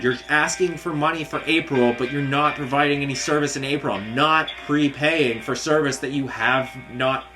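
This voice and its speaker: Young man, fed-up venting vlogger: bright, pushy tone, lots of cursing and false starts. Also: on the high side. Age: young adult. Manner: frustrated, swearing, halting restarts, mocking quoted voices. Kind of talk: angry venting rant.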